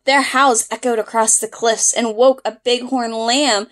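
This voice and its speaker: Slow, playful storybook-reading woman. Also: on the high side, fairly even intonation, fairly bright tone. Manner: playful sound effects. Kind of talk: reading a picture book aloud.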